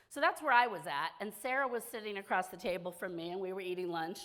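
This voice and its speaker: Speaking quickly with hardly any pauses, this woman has a medium-pitched, fairly bright voice. She's a keynote speaker from small-town Massachusetts addressing an audience at a widowhood conference, sharing her own story frankly with dry, self-mocking humor.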